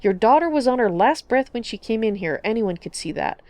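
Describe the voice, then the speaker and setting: A woman's voice: fairly high pitch, lively intonation, a little fast, no room sound, voice pushed up, close to an everyday voice. A woman voicing a shy but fiery teenage girl who speaks earnestly. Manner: gentle, earnest.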